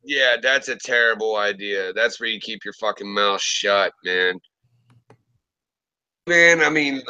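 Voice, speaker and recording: A man's voice: mid-range voice, no room sound, rough recording. A man from the Pittsburgh area telling profane stories in casual chat, acting out what people said. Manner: profane, animated storyteller acting out quotes. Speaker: podcast host.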